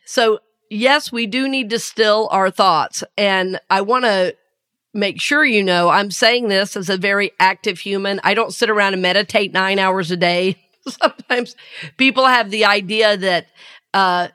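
A woman's voice: medium pitch, measured pace, bright, forceful tone, clear, resonant tone. A woman with a Southern US accent hosting a spiritual podcast, talking earnestly and laughing often. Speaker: podcast host and spiritual teacher.

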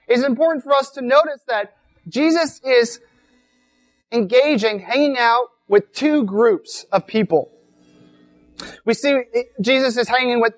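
A woman giving a conversational sermon at a weekend retreat, repeating words as she goes and often asking "right?". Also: fairly high pitch. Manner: casual, repeats words, asks rhetorical questions. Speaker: speaker at a weekend church retreat.

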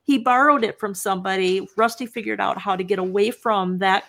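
Woman from wisconsin telling silly dog stories, laughs a lot, middle pitch. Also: fairly even intonation, a little fast, creaky, a bit bright. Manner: chatty, laughing storyteller. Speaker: guest author. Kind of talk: casual interview chat.

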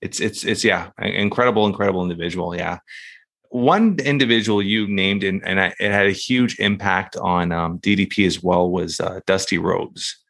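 A man hosting a casual interview, talking in an earnest, halting way with repeated words. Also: low-pitched, steady tone, a bit bright. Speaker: interviewer, host.

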